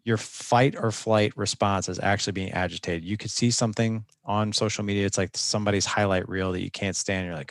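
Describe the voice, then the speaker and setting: A man's voice: on the low side, fairly even intonation, brisk, hardly any pauses, no echo, studio quality. A man speaking as a guest coach in a conversational interview, earnest and instructive, often restarting his sentences.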